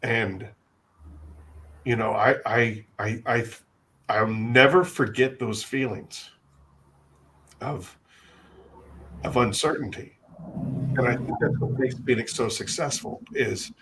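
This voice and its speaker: A man's voice: mid-range voice, fairly bright tone, a little hiss or hum. A man hosting a livestream who talks with feeling and often stops and repeats words. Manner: halting, repeats words when moved. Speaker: livestream host. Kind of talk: emotional livestream chat.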